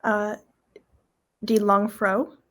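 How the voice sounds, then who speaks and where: A woman's voice: medium pitch, monotone, very slow, fairly bright tone. A woman answering as a language consultant, tentative and hedging her answers. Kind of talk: casual elicitation answers.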